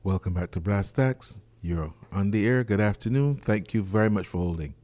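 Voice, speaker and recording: A man's voice: lowish voice, animated, moderate pace, a little mellow. A man hosting a call-in radio talk show, mostly giving short affirmations and laughing along with callers.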